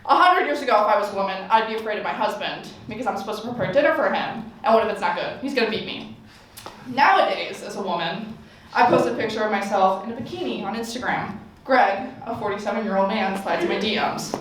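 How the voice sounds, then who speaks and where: A woman's voice: medium pitch, fast. Woman stand-up, playful sarcasm, heard from far off in an echoey room with audience noise. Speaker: stand-up comedian. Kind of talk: stand-up set. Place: campus forum room with audience. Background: audience laughter.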